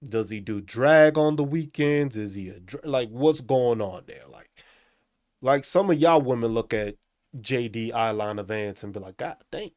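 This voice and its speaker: A man ranting in a casual live stream, swearing often and talking in an animated way. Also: medium pitch, moderate pace, dry recording, clean studio sound.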